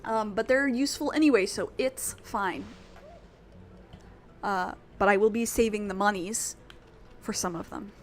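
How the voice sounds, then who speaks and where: A woman's voice: mid-range voice, a little slow, pauses often, slight background noise. A young woman streaming a video game, chatting casually in a rambling, giggly way. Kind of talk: casual chat while playing a video game.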